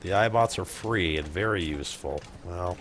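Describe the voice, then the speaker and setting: A man's voice: low-pitched, moderate pace, a bit bright, a little hiss or hum. A man doing casual let's play commentary, sarcastic and profane, talking with his chat while he plays. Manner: profane, sarcastic, chatting with viewers. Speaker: streamer playing a game.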